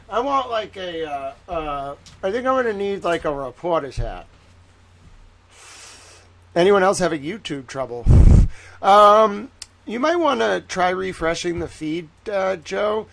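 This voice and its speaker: A man's voice: sits high, animated, unhurried, vocal fry, fairly bright tone, slight background noise. A man doing casual livestream commentary on legal filings, talking with a put-on Southern drawl. He rambles with joking asides and fills his talk with "like". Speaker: live-stream legal commentator.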